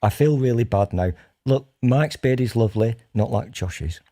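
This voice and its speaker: A man's voice: mid-range voice, normal speed, warm tone. A man on a casual panel chat, teasing and playful. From United Kingdom. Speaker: panel guest.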